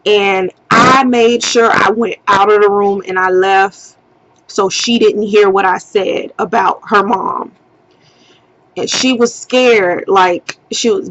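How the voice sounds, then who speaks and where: A young woman tells a personal story straight to her camera, unhurried and deliberate. She swears freely and leans into slang as she gets worked up. The sound is a little muffled and lo-fi. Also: mid-range voice. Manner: animated, profane retelling with slang. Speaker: vlogger. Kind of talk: casual storytime vlog.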